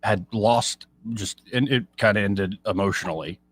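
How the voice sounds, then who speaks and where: Low-voiced joking talk radio host. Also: male voice, normal speed, slightly rough. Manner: joking, rambling storyteller. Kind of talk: casual chat.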